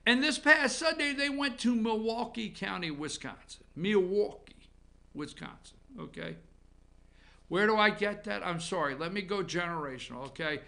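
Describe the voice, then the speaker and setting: A man's voice: high voice, moderate pace, creaky. A man hosting a political opinion show, ranting with heavy repetition. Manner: animated, ranting, repeats himself. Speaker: talk show host.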